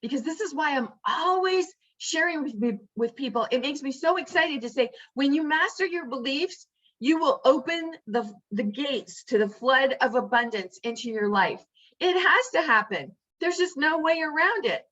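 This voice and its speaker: A woman's voice: sits high, lively intonation, normal speed, fairly bright tone, dull audio. A woman giving an earnest, emphatic motivational teaching, repeating phrases for stress. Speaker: spiritual teacher.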